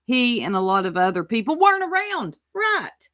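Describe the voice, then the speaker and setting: A woman's voice: on the high side, big pitch swings, moderate pace, a bit bright. A woman hosting a casual commentary livestream, sassy and exclamatory, reading chat aloud and reacting to a clip. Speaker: livestream host.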